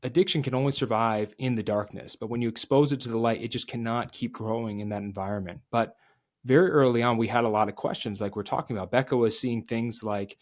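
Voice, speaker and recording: Guy guest telling his story straight, confessional, gets quiet on the heavy bits, medium pitch. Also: steady tone, fast talker. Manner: confessional, drops quiet and low at emotional moments. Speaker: podcast guest. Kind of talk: candid personal storytelling.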